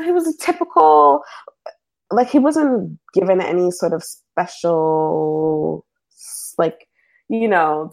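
A woman chatting casually about a show she loves, rambling and excitable, with lots of filler words. Her voice sits a little on the low side for a woman. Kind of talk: casual chat.

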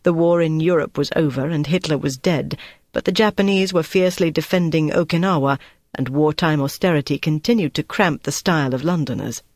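An audiobook narrator reading a novel in an even, measured storytelling manner. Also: mid-range voice, no room sound, studio quality. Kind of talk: scripted narration.

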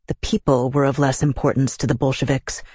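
Husky male audiobook narrator. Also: mid-range voice, dry recording. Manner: measured, even storytelling.

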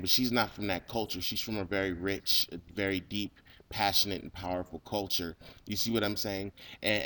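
Low-voiced rambling man in casual chat. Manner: rambling, frequent "you know what I'm saying"; excitable, stumbles and repeats words.

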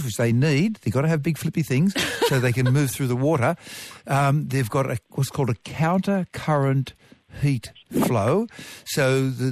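A man's voice: medium pitch, a little mellow, no room sound. Chatty man explaining science. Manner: rambling, explanatory, self-correcting. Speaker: radio science expert. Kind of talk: call-in radio science talk. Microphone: studio microphone.

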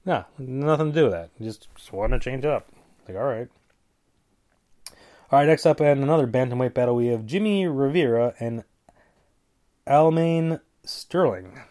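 A man's voice: medium pitch, normal speed, pauses often, warm tone. A man with a stuffy nose hosting a casual solo show, rambling through picks with jokey asides and stumbling over names. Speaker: podcast host giving fight picks.

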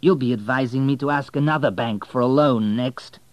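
A man's voice: mid-range voice, big pitch swings, a little fast, a little mellow, no room sound, dull audio, voice pushed up, close to an everyday voice. A man voicing a furious proud hotelier. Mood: bitter. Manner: heated, bitter and raised. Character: angry proud male hotelier, middle-aged. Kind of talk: audiobook reading.

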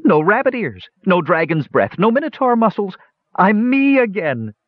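A man voicing a thin, middle-aged male wizard who exclaims in a high, giddy voice. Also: very animated, moderate pace, dry recording. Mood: joyful. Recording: dull lo-fi dry recording.

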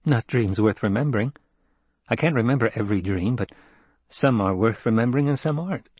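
A man's voice: medium pitch, brisk, darkish tone, husky, dry recording, close to an everyday voice. A man voicing a wary, stubborn teenage boy in an audiobook reading, answering in a guarded, terse way.

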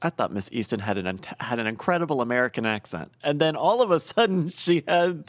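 A man co-hosting a podcast, animated and laughing as he chats about a TV episode. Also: medium pitch, a little fast. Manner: animated, laughing, swoops into mock voices. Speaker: podcast co-host. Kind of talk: casual chat reviewing a TV episode.

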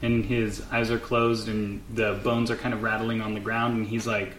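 A man with a low voice narrates a tabletop game as game master. He talks loosely and casually, with plenty of fillers. The recording carries a roomy echo and faint background noise. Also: flat delivery, normal speed, hardly any pauses, a bit bright. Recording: echoey room with faint noise.

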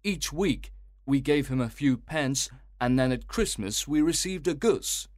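A man voicing a polite, relieved middle-aged gentleman, eager and courteous, in a storybook reading. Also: medium pitch, animated, a little slow, no room sound, clean studio sound, pitched above the performer's own voice, close to an everyday voice.

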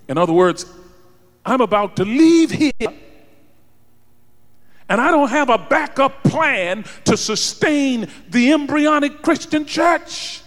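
A male preacher with a high-pitched, animated voice who speaks slowly and deliberately. He swings from hushed lows to shouted climaxes. His words ring out with a long reverb, as if in a large hall. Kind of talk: sermon.

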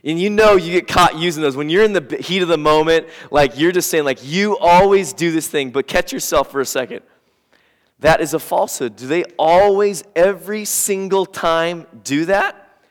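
A man's voice: a little high, normal speed, fairly bright tone, clear, resonant tone. A male pastor preaching a sermon, talking casually and acting out the quotes in an argument. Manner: conversational preaching with acted-out quotes. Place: church sanctuary. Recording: church hall with long reverb.

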